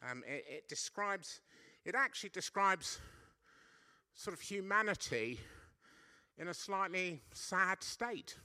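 Bright-voiced chatty preacher. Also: male voice, high-pitched, lively intonation, takes it slowly, clean tone. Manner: chatty, playful, asks the congregation questions. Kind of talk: lively church sermon. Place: church service.

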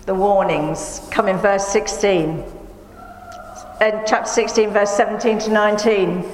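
A woman preaching a sermon, slow and emphatic, asking her listeners rhetorical questions. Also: medium pitch, steady tone. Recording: echoey hall from a distance.

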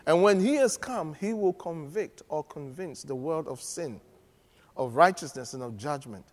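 A man preaching a sermon, animated and humorous, often laughing as he teaches. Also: fairly high pitch, normal speed. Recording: long reverb of a large hall.

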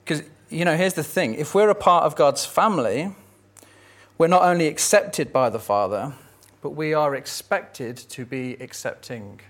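A man's voice: a little high, animated, moderate pace, fairly bright tone. A man preaching a sermon, telling a Bible story in a conversational, lightly humorous way. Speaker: pastor.

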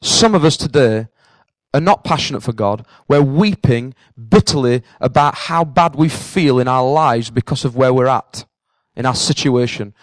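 A man's voice: medium pitch, lively intonation, moderate pace, no room sound, rough recording. A man preaching a sermon in an earnest voice that rises to fervent passion.

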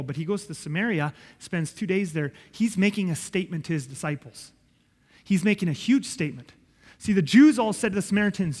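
A man's voice: high voice, lively intonation, fairly quick, a little mellow, long reverb tail. A man preaching a sermon, emphatic and conversational, often checking in with his listeners. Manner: emphatic, repeats and checks in with "okay?".

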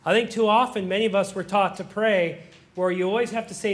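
A middle-aged man preaching a sermon as pastor, moving from quiet musing to loud, impassioned pleading as he acts out prayers. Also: high-pitched, fairly even intonation, brisk.

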